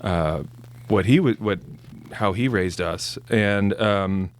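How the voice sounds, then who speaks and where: A man chatting as a podcast guest, telling family stories in a rambling, halting way full of fillers. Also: fairly low pitch. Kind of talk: casual chat.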